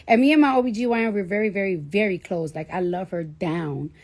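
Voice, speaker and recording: A woman's voice: medium pitch, fairly quick. A woman in her thirties telling a story casually on a live stream, swearing freely and acting out the dialogue. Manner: profane, animated storytelling with quoted dialogue. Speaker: livestreamer.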